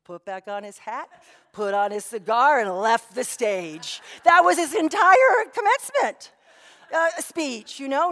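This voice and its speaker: A woman's voice: high voice, expressive, unhurried, a bit bright, long reverb tail. A woman pastor giving a sermon. She tells stories in a conversational way, with many asides to the congregation.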